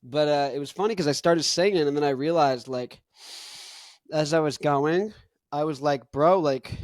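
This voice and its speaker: Young man, podcast host, casual rambling chat, slangy, fairly high voice. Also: moderate pace, no echo, clean studio sound. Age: young adult. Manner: rambling, laid-back slang, chuckles between thoughts.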